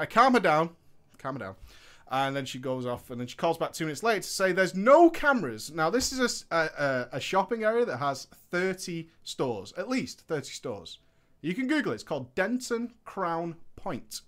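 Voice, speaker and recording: A man's voice: on the high side, a bit bright. A man, telling a personal story in a casual, indignant way and swearing freely.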